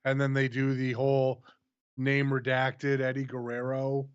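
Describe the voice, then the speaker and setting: A man's voice: medium pitch, monotone, measured pace, clean tone, dry recording, dull audio. A man co-hosting a casual wrestling review, making dry, wry remarks. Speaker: podcast co-host.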